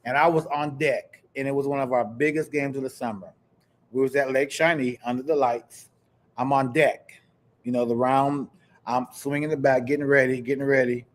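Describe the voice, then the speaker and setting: A man from Kansas hosting a live podcast, telling stories in an animated, chatty way and talking straight to his viewers. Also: mid-range voice, moderate pace. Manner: animated storyteller, chatty, addresses viewers directly. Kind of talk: casual live-stream chat.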